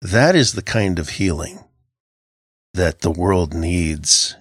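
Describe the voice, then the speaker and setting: Deep-voiced earnest man, reflective. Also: expressive, no room sound, clean studio sound. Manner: earnest, reflective, halting with restarts. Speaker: podcast co-host. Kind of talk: casual Christian podcast discussion.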